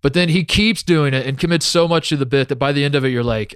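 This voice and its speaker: A man's voice: medium pitch, fast talker, hardly any pauses, smooth, dry recording, studio quality. Sarcastic, rambling young man on a podcast. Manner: animated, sarcastic, rambling with many fillers. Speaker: podcast co-host. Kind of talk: casual sports chat.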